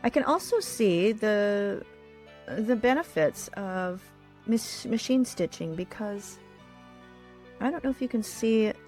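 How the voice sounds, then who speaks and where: A woman's voice: medium pitch, expressive, takes it slowly, a little mellow, soft background music. A woman hosting a livestream in which she builds a puppet. She talks casually and thinks aloud, and her sentences often trail off into murmurs. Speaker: puppet builder and show host. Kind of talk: craft livestream demonstration.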